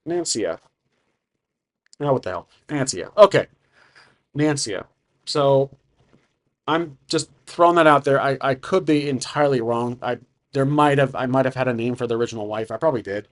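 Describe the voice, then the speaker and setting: A man's voice: medium pitch, moderate pace, long pauses. Man narrating a solo tabletop game. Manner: rambling, thinks aloud with fillers.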